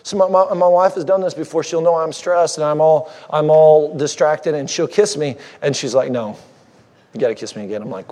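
A man's voice: on the high side, fairly even intonation, normal speed, hardly any pauses, mellow. A man preaching a sermon as a guest speaker, conversational and joking with the congregation, married fifteen years.

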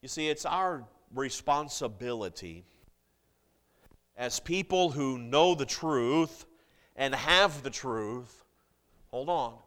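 A man preaching a sermon to a congregation, with big swings in loudness and pitch and jokes with the listeners. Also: expressive, takes it slowly, pauses often.

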